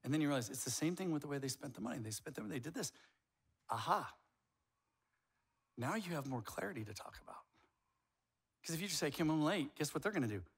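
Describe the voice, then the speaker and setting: A man preaching a sermon as pastor in a casual, conversational way, acting out examples and swinging from quiet asides to loud outbursts. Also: fairly high pitch, lively intonation, fast talker, pauses often, breathy edge.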